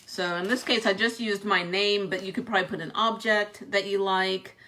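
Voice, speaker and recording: A woman's voice: medium pitch, steady tone, normal speed, bright, forceful tone. A young woman chatting casually through an unboxing video, laughing often between her remarks. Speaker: vlogger reviewing a product.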